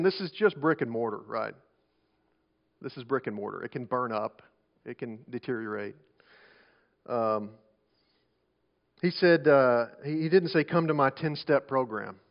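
A pastor delivers his sermon in a conversational way, restarting phrases as he goes. His voice sits a little high, and he swings between loud emphasis and quiet asides. The recording is dull and lo-fi.

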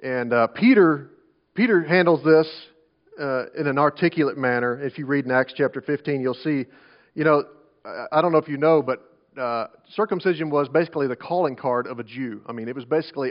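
A man preaching a sermon as pastor, talking conversationally, often restarting phrases and swinging between loud emphasis and quiet asides. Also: mid-range voice, a little fast. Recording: dull lo-fi sermon recording.

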